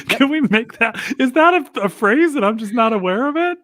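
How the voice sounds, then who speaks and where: A man's voice: very high voice, animated, normal speed, pushed and bright, dry recording, studio quality. A man, a guest comedian, chatting casually on a podcast, telling jokey stories and acting out the people in them. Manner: storytelling, jokey, acts out quoted people.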